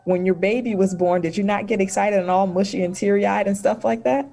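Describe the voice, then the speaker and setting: A woman's voice: mid-range voice, steady tone, brisk, vocal fry, warm tone. A woman speaking as a guest in a casual discussion on mental health, explaining her points through stories and examples. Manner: storytelling, reassuring, explanatory.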